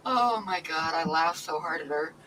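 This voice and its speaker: Middle-aged lady on a livestream, chatty and lively, a bit far from the mic. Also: low voice. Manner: animated storyteller, laughs often. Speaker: livestream host. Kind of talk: casual storytelling chat. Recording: slightly distant mic with faint noise.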